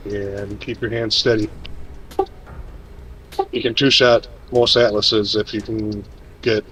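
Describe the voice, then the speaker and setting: A man's voice: fairly low pitch, level tone, takes it slowly, fairly bright tone, low-quality recording. Laid-back man explaining game tactics. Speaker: teammate giving build advice. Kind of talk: casual gaming chat.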